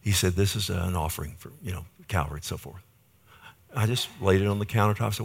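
A man's voice: fast, gravelly, breathy edge. A middle-aged male pastor preaching a sermon, telling a personal story and acting out the voices of people he quotes. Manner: storytelling, quoting others with lively swings of pitch and volume.

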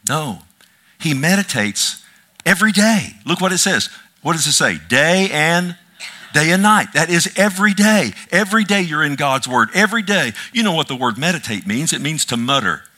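A middle-aged male pastor delivering a sermon with a bright, forceful tone. He hammers key words again and again, then drops into joking asides to the congregation. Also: a little high, normal speed. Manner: animated, repetitive emphasis with asides and self-deprecating humor.

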